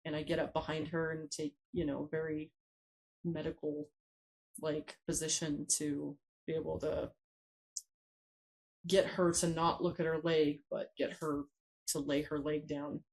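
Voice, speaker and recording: A woman with a low, gravelly voice speaks as a guest in a conversational interview. She tells her story haltingly and often pauses to search for words. Her delivery is unscripted and personal. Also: flat delivery, a little mellow, poor audio. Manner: hesitant, many pauses and fillers. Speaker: podcast guest.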